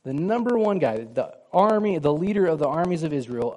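Pastor, male, slightly high voice, chatty sermon delivery with questions to the congregation. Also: expressive, fairly quick, hardly any pauses, a little mellow. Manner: conversational, asks the congregation questions, acts out quoted lines.

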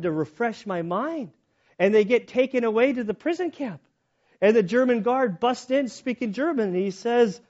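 A man's voice: high voice, darkish tone. A man giving a conversational sermon, telling a story in a chatty way with many fillers. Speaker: preacher. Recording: muffled, dull recording.

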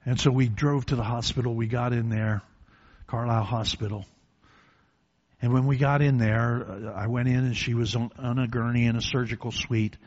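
An older man preaching a sermon in a church, telling a quiet personal story that swells into loud, drawn-out preaching. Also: mid-range voice, steady tone. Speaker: pastor. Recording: dull lo-fi recording.

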